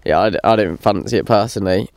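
A man's voice: fairly low pitch, fast talker, gravelly, darkish tone, slight background noise. A young man in casual, chatty conversation, laughing often as he talks. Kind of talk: casual chat.

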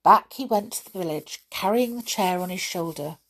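A woman narrating a children's storybook in an expressive, animated way. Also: lowish voice, moderate pace.

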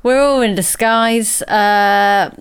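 A woman's voice: medium pitch, takes it slowly, smooth. Laughing woman telling a story. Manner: chatty storyteller, laughs often. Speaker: podcast co-host. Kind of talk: casual chat.

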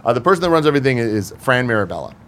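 A young man with a mid-range voice talks very fast while telling a story in a casual podcast conversation among friends, with a slight hiss or hum in the recording. He swears freely and animatedly acts out the people he's quoting.

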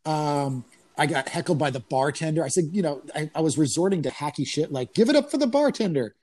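A man casually telling stories from comedy tours, full of swearing and laughter, jumping up in pitch when he acts out what people said. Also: a little fast. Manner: profane, animated storytelling with laughs; acts out quoted voices in higher pitch. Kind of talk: casual podcast chat.

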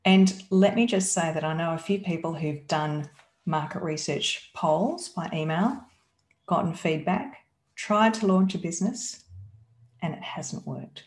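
A woman's voice: lowish voice, a little slow, a little mellow. A woman, teaching as a business coach in an emphatic, coaxing way and asking rhetorical questions. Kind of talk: teaching talk. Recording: roomy echo.

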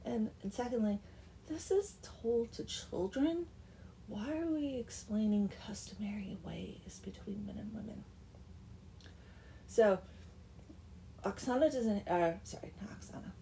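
A young woman retells an old folk tale in a chatty, wry way, often dropping into a whisper for asides. Her voice is warm and mellow, with a faint hiss of noise behind. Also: medium pitch, a little slow, long pauses. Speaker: storyteller. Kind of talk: casual comic story retelling.

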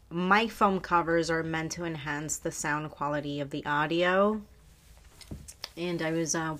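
A woman's voice: low voice, a bit bright. A woman hosting a podcast in loose, rambling casual chat, swearing freely, on a foam-covered mic. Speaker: podcast host. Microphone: podcast microphone with foam cover.

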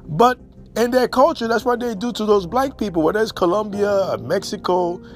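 A man from Haiti speaks in a blunt, casual monologue. His voice sits high, and he hammers points by repeating them. Faint music plays underneath. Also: moderate pace. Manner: blunt, emphatic, repeats himself for stress. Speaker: commentator. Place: New York and elsewhere in the States.

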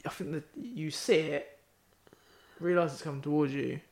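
Young male co-host, slightly higher voice, street slang, casual banter. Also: normal speed, creaky, a little mellow. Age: young adult. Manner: slangy, tags lines with "innit" and "bruv". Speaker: podcast co-host. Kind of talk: casual chat.

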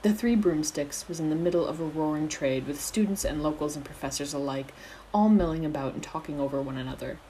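Storyteller, woman, deep voice, steady reading, faint background hiss. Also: brisk, low-quality recording. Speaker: narrator, audiobook reader. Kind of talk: fan fiction audiobook narration.

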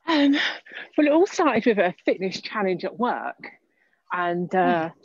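A woman's voice: mid-range voice, sing-song, unhurried, breathy edge, no echo. A woman guest talking casually on a walk outdoors, hesitant with many fillers. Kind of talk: casual interview. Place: outdoor park. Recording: dull lo-fi recording.

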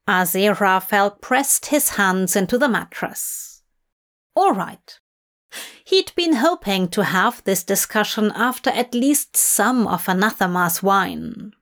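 Slow, high-voiced woman narrating a story. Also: lively intonation. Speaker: reader. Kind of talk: fan fiction audiobook narration.

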